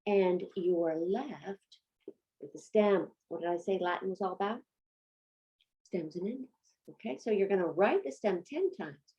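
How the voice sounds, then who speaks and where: Slow, patient woman teaching Latin. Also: medium pitch, mellow, lo-fi sound. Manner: patient, asks and answers her own questions. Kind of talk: homeschool lesson demonstration.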